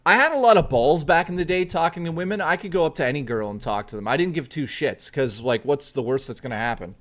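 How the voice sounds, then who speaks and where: A man's voice: a little high, fast talker, a bit bright. A male streamer telling a story to his live chat in a blunt, profane, chatty way, speaking straight to his viewers.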